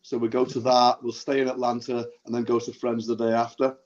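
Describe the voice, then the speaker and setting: A man in a casual chat, telling an animated anecdote and laughing easily. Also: medium pitch, fairly quick, highs cut off. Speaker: music writer and show regular.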